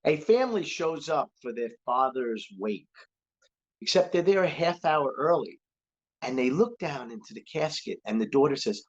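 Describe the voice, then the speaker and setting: A man's voice: mid-range voice, animated, brisk. Man, comedian, tells a joke, acts out the voices, dull lo-fi recording. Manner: acts out the dialogue in a story. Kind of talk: telling a joke.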